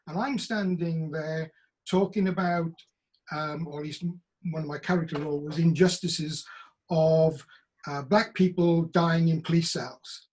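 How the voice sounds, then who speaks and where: This middle-aged actor from Wales, heard over a video call, has a husky voice that's fairly high for a man. He tells stories animatedly and shifts into others' voices as he quotes them.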